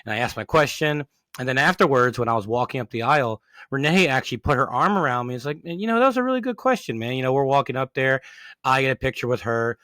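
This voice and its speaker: Bright, eager young man hosting. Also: mid-range voice, quick pace, dry recording. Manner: eager and excitable, stumbling over words. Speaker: podcast host. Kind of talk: casual chat.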